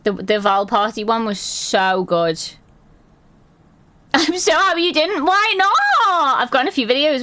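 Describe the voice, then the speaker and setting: A woman chatting casually on a live stream, telling stories in a lively way and swearing and laughing often. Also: sits high, a little slow.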